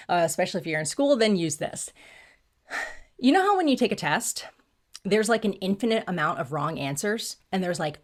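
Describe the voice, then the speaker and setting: A woman hosting a faith-based self-help talk who speaks earnestly and with emphasis, quoting scripture, with music faintly behind her. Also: on the low side. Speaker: host.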